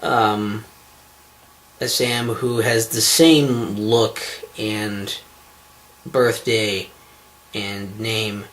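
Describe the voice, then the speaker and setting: A man's voice: fairly low pitch, fairly even intonation, extremely slow, long pauses, fairly bright tone. A man hosting his own online show, talking to camera in a rambling, sarcastic, self-deprecating way, swearing often, with lots of ums and restarts. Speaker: vlogger, show host.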